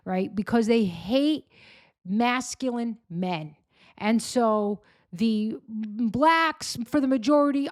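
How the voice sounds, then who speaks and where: A woman's voice: on the high side, dry recording, studio quality. A woman hosting a commentary show, talking in a sarcastic, rambling, mocking way. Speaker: podcast host. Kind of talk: casual commentary.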